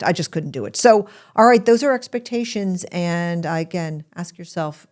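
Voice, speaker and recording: A woman's voice: low-pitched, a little mellow. A middle-aged woman hosting a podcast, telling personal stories in an emotional, confiding way and acting out what others said. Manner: emotional, confiding, with playful quoted voices. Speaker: podcast host. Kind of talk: personal storytelling monologue.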